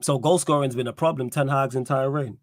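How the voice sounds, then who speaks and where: A man runs a casual football livestream, reading out chat and firing pointed questions at his co-host. His voice sits at a middle pitch and sounds close and dry, with no room around it. He talks in easygoing street slang. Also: steady tone, a little fast, no room sound.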